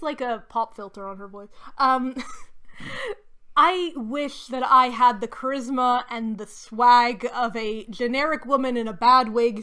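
Bright, high-voiced young woman riffing sarcastically. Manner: chatty, giggly and sarcastic. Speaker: host. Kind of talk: casual commentary reaction.

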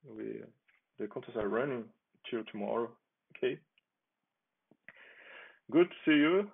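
A man casually demonstrating his software project on a screen share, talking in a halting, unhurried way and chuckling as he goes. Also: medium pitch, animated, vocal fry, breathy edge. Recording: tinny phone-like lo-fi audio.

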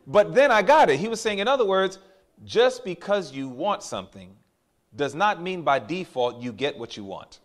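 A man's voice: on the high side, very animated. A man preaching a sermon to a congregation, emphatic and drawing out key phrases, often asking the crowd to respond. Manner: drawn-out stressed phrases for emphasis.

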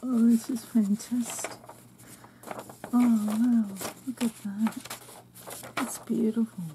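Slow, soft-spoken gushing woman. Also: fairly high pitch, flat delivery, a little hiss or hum. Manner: gushing, soft exclamations and frequent whispers. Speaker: crafting channel host. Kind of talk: unboxing a craft swap package.

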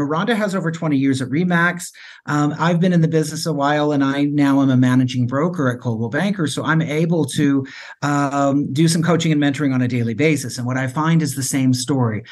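A man's voice: a little high, darkish tone. A middle-aged man, a managing broker, speaking earnestly and reflectively in an interview. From Colorado. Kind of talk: conversational interview.

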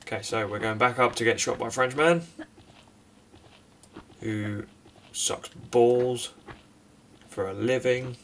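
A man giving sarcastic, self-mocking commentary over a game he plays, breaking into quick outbursts at it. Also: mid-range voice, fairly even intonation, a bit bright, far from the mic, a little hiss or hum. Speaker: gaming commentator. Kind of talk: let's play commentary.

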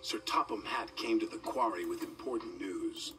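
A man giving a gentle, expressive scripted narration of a children's story. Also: fairly low pitch, normal speed, distant mic, over music.

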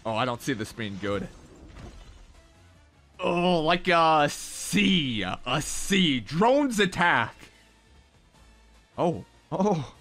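Hyped young dude reacting to game stuff, high voice that jumps all over, music faint behind. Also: male voice, very slow, long pauses. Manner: excitable, animated, slangy. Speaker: gaming content creator. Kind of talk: casual reaction commentary.

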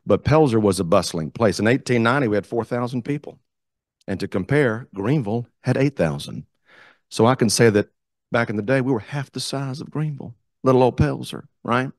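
A man telling a story as guest speaker at a club meeting, animated, acting out the quotes. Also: medium pitch, fairly quick, no room sound, clean studio sound. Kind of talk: storytelling speech. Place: meeting room.

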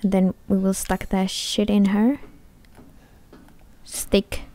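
A woman's voice: medium pitch, level tone, slow pace, warm tone. A young woman commenting casually on her gameplay, chatty, playful and swearing. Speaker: gameplay streamer. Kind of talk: casual let's-play commentary.

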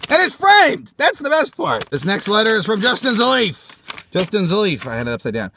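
A man hosting a toy show vlog, excitedly opening fan mail and joking with plenty of profanity. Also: sits high, brisk, slight background noise.

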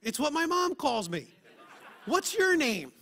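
A preacher voicing an earnest small boy who answers plainly and insists firmly when he wants to be heard. The voice is pitched up high and bright, a grown man's playful child voice. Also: sing-song, unhurried, a faint crowd, heavily acted. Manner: matter-of-fact, then insistent. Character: earnest five-year-old boy, a bit indignant.

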